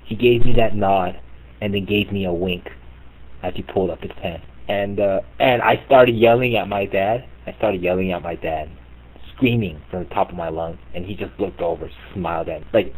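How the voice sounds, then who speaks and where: A man's voice: sits low, normal speed, slight background noise, poor audio. A man hosting a live voice chat, delivering a profane, mocking comedic rant with exasperated disbelief. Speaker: chat room host.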